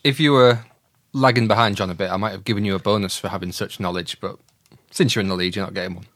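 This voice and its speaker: A man's voice: fairly low pitch, steady tone, fast, fairly bright tone, dry recording. A man hosting a casual podcast quiz, explaining answers in a teasing way. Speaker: quiz host.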